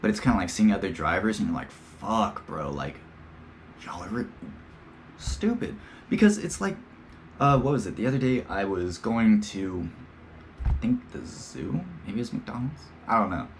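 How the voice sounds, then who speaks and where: A young man with a lowish voice rambles through a casual podcast monologue, his pitch swinging widely from line to line. He talks in loose slang and swears freely, and now and then drops into playful voices. A faint hiss sits under his voice. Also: expressive, moderate pace. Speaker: podcast host.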